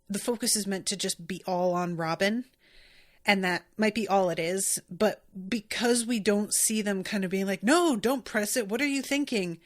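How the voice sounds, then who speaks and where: A woman's voice: mid-range voice, a bit bright. A woman hosting a podcast, chatting casually and rambling with lots of fillers and restarts. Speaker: podcast host. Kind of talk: casual chat reacting to an anime.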